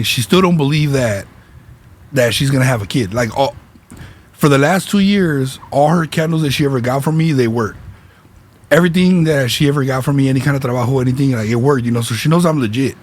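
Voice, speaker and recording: A man's voice: medium pitch, brisk. A man hosting a podcast, telling a casual story in slangy speech with Spanish words dropped in. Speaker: podcast host and spiritual reader.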